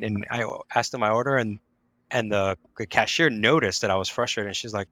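A man's voice: on the low side, brisk, bright, forceful tone, dry recording. Upbeat podcast host guy, friendly and affirming, dry close mic. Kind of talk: casual conversational interview.

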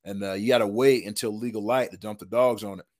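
Animated storytelling man, slangy. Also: fairly low pitch, fast talker. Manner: animated, slangy, says "dude" and "man" a lot. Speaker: podcast guest, retired football lineman. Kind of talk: casual storytelling.

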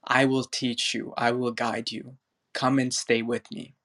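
A man voicing a gentle old guru. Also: medium pitch, little pitch movement, a little slow. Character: kind, calm old male guru.

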